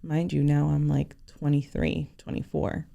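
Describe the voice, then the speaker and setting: A woman guest on a podcast, sharing a personal story in a sincere, halting way with many fillers. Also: sits low, level tone, vocal fry, warm tone.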